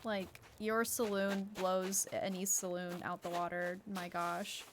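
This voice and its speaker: A woman's voice: on the low side, takes it slowly, noisy background. A woman streaming a game, chatting casually and gushing over her viewers, teary and emotional. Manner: gushing, excitable, laughs often. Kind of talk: casual live-stream chat.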